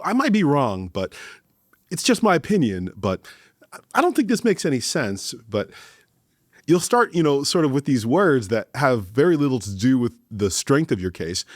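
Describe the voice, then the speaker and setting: A man hosting a leadership talk, speaking deliberately and emphatically and slowing down for key points. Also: mid-range voice, no room sound, studio quality. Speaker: host.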